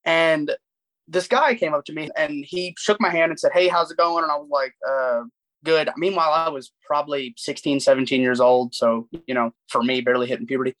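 A man's voice: a little high, fairly even intonation, fairly quick, fairly bright tone, low-quality recording. A young man co-hosting a podcast, telling self-deprecating stories in a casual chat with lots of restarts. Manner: rambling, self-deprecating storytelling with frequent restarts. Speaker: podcast co-host.

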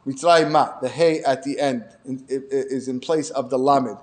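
A man's voice: mid-range voice, steady tone, normal speed. Emphatic man giving a Torah lesson. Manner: storytelling, grows emphatic and louder when making points; frequent restarts and fillers, sprinkled with Hebrew terms. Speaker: rabbi.

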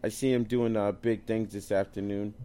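A man's voice: lowish voice, little pitch movement, normal speed, mellow. A man co-hosting a casual sports chat, loose and jokey, tripping over hard names as he lists his picks. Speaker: co-host picking fantasy lineups.

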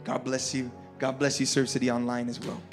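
A male pastor leading an altar call and prayer, fervent and repetitive, rising to shouts. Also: mid-range voice, monotone, a little fast, music in the background. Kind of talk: altar call and sermon closing. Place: large church auditorium.

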